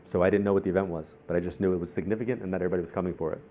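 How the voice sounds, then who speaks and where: Low-voiced male psychic-medium guest from Long Island, quick, animated onstage storyteller. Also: background noise. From Long Island, New York. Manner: talks fast and repeats himself when in the zone. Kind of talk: live onstage conversation.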